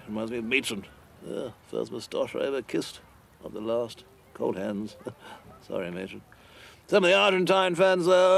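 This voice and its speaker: A doddery old upper-class English ex-army type, played by a man, gravelly and creaky, rambling through comic commentary and muttering to himself. Faint hum of noise behind. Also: mid-range voice, lightly acted. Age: older.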